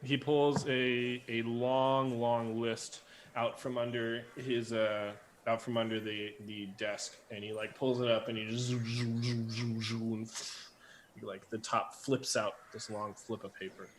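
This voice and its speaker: A man's voice: mid-range voice, flat delivery, a little slow, a little hiss or hum. Medium-voiced man, game master, loose rambling narration. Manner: rambling, full of fillers. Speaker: dungeon master.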